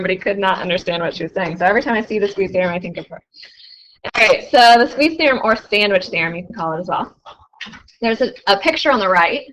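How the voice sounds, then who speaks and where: A woman's voice: medium pitch, animated, fast talker, a bit bright, lo-fi sound, a little hiss or hum. A young woman teaching a math class, chatty and often asking her students questions. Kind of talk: classroom lecture.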